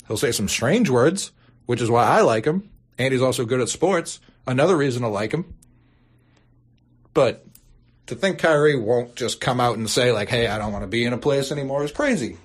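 Ranting, swearing sports podcaster. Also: male voice. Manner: exasperated, swearing, bursts into high-pitched outrage. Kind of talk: profane ranting podcast intro.

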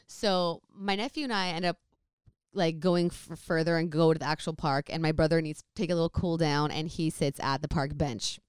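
A woman's voice: deep voice, normal speed, clear, resonant tone, no echo, clean studio sound. Rambling young woman telling a story. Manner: rambling, filler-heavy, animated retelling. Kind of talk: casual storytelling.

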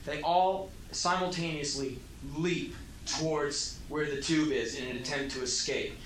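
A man telling spoken word stories, animated, bursting into shouted impressions and mock laughs. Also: on the high side, measured pace, slight background noise. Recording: roomy echo.

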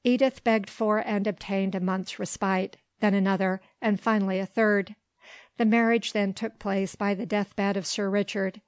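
A woman reads a classic novel aloud, her narration measured and even. Her voice is mid-pitched and sits close and dry, with no room echo. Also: smooth. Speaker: audiobook narrator. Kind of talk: scripted narration.

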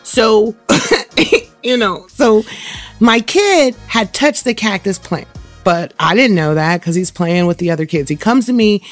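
Profane, animated woman co-hosting a podcast. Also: medium pitch, unhurried, soft background music. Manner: profane, animated storytelling with voiced quotes. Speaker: podcast co-host. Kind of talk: casual chat.

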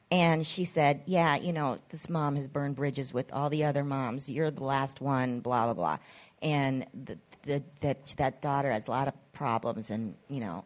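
A woman hosting a podcast, telling a story in casual chat, acting out the quoted voices and swearing freely. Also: a bass voice. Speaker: podcast host.

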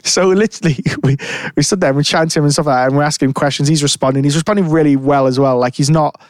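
A man's voice: a little high, fairly even intonation, racing, no echo. A man telling a rambling story in casual chat, full of fillers and restarts. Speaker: podcast co-host.

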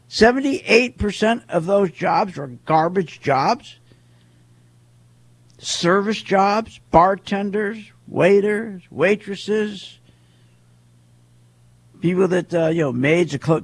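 A man giving a heated, repetitive monologue as a market commentator, firing off rhetorical questions. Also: high-pitched. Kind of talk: ranting monologue.

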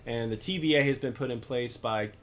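Mid-pitched podcast guy chiming in. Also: fairly quick, fairly bright tone. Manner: chiming in, correcting details. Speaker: podcast co-host. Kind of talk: casual podcast chat.

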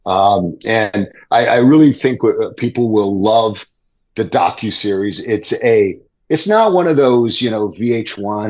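A middle-aged man, a guest on a podcast, telling an animated story with excitement and laughter. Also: on the low side, unhurried, muffled recording. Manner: excited, laughing anecdote teller. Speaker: guest, former TV gladiator.

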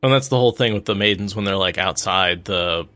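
A young adult man co-hosting a casual book discussion, telling an animated story and swearing casually. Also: low voice, a little fast, dry recording, studio quality. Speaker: podcast co-host.

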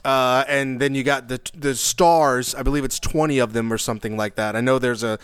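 A man co-hosting a casual podcast, talking haltingly with many fillers and restarts. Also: mid-range voice, fairly even intonation, fairly bright tone, clean tone, no echo. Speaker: podcast co-host.

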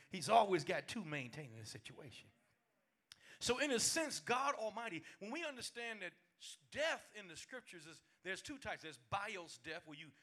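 A high-pitched man at a moderate pace preaches as pastor at a midweek service. He tells comic stories in a down-home, colloquial way, animated and laughing, acting out the quotes in different voices.

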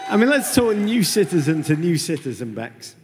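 Brief: male co-host, slightly higher voice, jokey riffs, roomy echo. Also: sing-song, moderate pace, crowd noise. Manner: riffing, comic exaggeration. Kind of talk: casual chat. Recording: long reverb, faint noise.

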